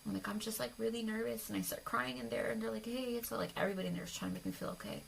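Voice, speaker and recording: Young woman, gravelly, confiding storyteller; soft near-whispers, light background noise. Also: on the high side, fairly even intonation, racing, rough recording. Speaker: vlogger. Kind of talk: personal storytelling to camera.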